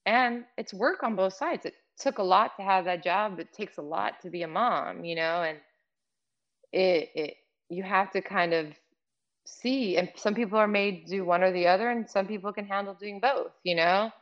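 A woman's voice: mid-range voice, moderate pace, dull audio. A middle-aged woman speaking candidly and emotionally in conversation, rambling with many fillers. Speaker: guest.

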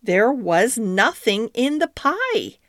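A woman's voice: a little high, big pitch swings, moderate pace, no room sound, clean studio sound, voice pushed up. A woman voicing a prim, proper female cat hostess in a storybook reading, precise and correct in her speech. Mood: stern.

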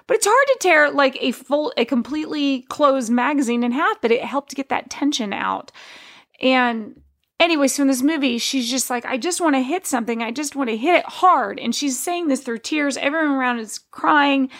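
Woman with a gravelly, slightly high voice. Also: a bit bright. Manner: candid, heartfelt, conversational. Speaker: podcast host. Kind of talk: personal storytelling.

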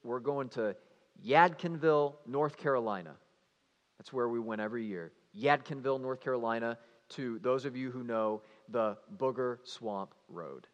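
A man, a youth pastor telling stories in a lively, animated sermon, swinging between playful and hushed. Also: medium pitch, moderate pace, muffled recording. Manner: animated storyteller, shouting and mimicking for comic effect. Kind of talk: storytelling sermon. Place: church hall. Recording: reverberant church hall.

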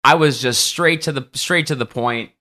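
A man from Detroit talks in a loose, rambling way and keeps correcting himself mid-story. His voice is bright and forward. It is a casual podcast chat among caddies. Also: medium pitch, moderate pace.

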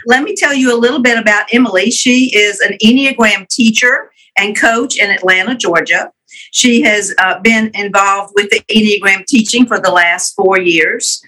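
Bright-voiced Southern woman hosting. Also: medium pitch, poor audio. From Alabama, USA. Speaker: podcast co-host. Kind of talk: casual interview hosting.

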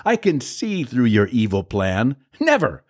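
A man's voice: mid-range voice, huge pitch swings, measured pace. A man reading aloud the lines of a proud, stubborn Egyptian king, in a defiant, commanding tone.

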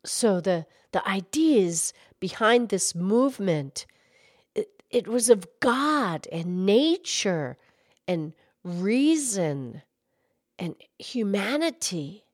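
A woman voicing a gentle female cow who calmly explains history on a children's show. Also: medium pitch, slow, dry recording, studio quality. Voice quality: calm, explanatory, hesitant restarts. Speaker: co-host, explainer.

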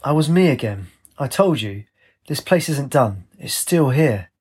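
A man with a husky voice playing a stubborn, carefree young man in an audiobook. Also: mid-range voice, lively intonation, measured pace, darkish tone. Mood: insistent. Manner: flippant, dismissive. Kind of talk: audiobook character voice.

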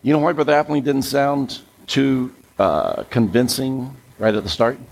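A preacher giving a sermon in a church, animated and coaxing the congregation to take part. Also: male voice, medium pitch, a little slow, vocal fry, low-quality recording. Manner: animated, coaxes the audience.

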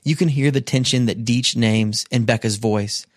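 A man's voice: mid-range voice, fairly even intonation, moderate pace, no room sound. Earnest male podcast narrator, dry close mic. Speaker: podcast host. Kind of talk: scripted narration.

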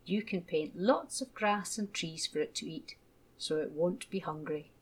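A woman voicing a cheerful, friendly nursery teacher in a children's storybook, beaming and bright. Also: fairly low pitch, expressive, measured pace, breathy edge.

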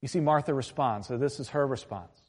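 A man preaching a sermon as a pastor, earnest, moving between quiet reflective lines and raised passages. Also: medium pitch, a little fast, husky. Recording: long hall reverb.

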